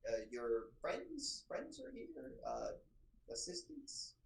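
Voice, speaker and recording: A woman's voice: medium pitch, wildly swooping pitch, slow pace, creaky, reverberant, voice pushed up, exaggerated voice, poor audio. A woman voicing a nervous, awkward young male guard who stammers and hesitates. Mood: flustered.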